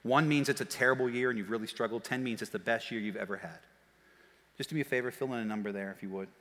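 A man preaching a sermon as pastor, telling stories in a lively way that swings from quiet asides to shouts. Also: medium pitch. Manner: animated storytelling, shouting and quick laughs. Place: church auditorium. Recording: long hall reverb.

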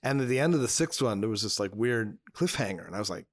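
A man's voice: lowish voice, animated, no echo, studio quality. Chatty man on a podcast. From Canada. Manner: chatty, quick agreeing replies, laughs easily. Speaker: podcast co-host. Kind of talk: casual chat.

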